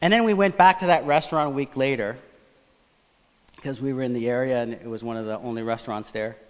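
A man preaching a sermon, telling a personal story in a conversational, animated way. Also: medium pitch, quick pace. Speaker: pastor. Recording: long church reverb.

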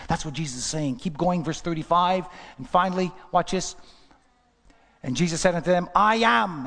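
A man's voice: sits high, normal speed. A man preaching a sermon in a church, asking the congregation question after question. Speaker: pastor. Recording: long hall reverb.

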